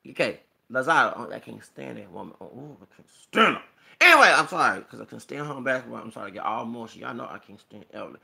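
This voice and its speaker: A man's voice: mid-range voice, gravelly, bright, forceful tone. A man vlogging a rambling, emphatic commentary monologue, preachy and quoting scripture, punctuated with rhetorical "okay?" and "hello!".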